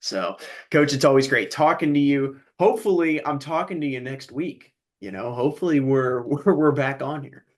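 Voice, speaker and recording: A man's voice: medium pitch, moderate pace. An American play-by-play announcer with a Midwestern accent and a mid-range voice. He hosts a local radio interview with an upbeat, promotional manner. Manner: upbeat, promo-style sign-offs. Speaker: play-by-play announcer and show host.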